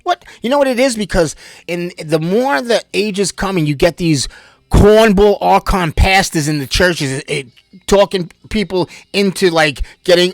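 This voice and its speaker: Male vlogger from New Jersey, high lively voice, rambling, animated monologue with casual swearing. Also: measured pace, no echo, clean studio sound. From Bayonne, New Jersey.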